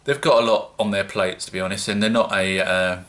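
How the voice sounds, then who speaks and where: A man with a British accent talks to his viewers in a loose, rambling vlog. His voice sits low yet comes across bright and forward, and he pokes fun at himself as he chats. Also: steady tone, brisk. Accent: British English. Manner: chatty, rambling, self-mocking. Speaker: home-brewing vlogger. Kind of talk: casual solo vlog.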